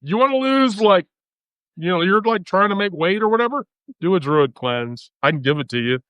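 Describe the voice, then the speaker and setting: A woman's voice: on the low side, animated, moderate pace, fairly bright tone, smooth, no room sound. A woman hosting a livestream, telling a profane, laughing story in casual chat with frequent laughter. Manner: bawdy, profane, laughs through her story. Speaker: livestream host.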